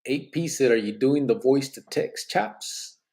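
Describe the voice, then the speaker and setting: Male podcast host, gravelly and husky, easygoing, reads the chat, sprinkles Spanish. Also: medium pitch, unhurried, darkish tone. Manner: laid-back, swears freely, mixes in Spanish words. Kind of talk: casual live podcast chat.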